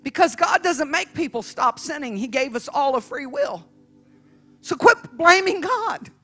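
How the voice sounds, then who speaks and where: A woman evangelist preaching through a personal story, with a high, bright voice that rises and falls widely. She drops to a hush, then breaks into emphatic shouts. Soft music plays faintly behind her. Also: expressive, unhurried. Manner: dramatic, emphatic, bursts into shouting. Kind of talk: storytelling sermon.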